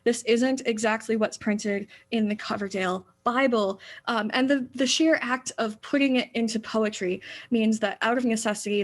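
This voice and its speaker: A woman, maybe in her thirties, giving an illustrated church lecture, explaining eagerly with frequent fillers and restarts. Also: medium pitch.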